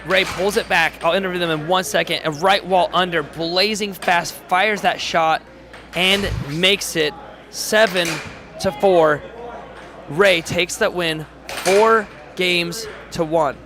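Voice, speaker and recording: Male live-stream commentator, high, hoarse, chatty, noisy venue. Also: slow. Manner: excitable, chatty, reads chat aloud. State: voice going hoarse. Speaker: air hockey commentator and streamer. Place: tournament hall.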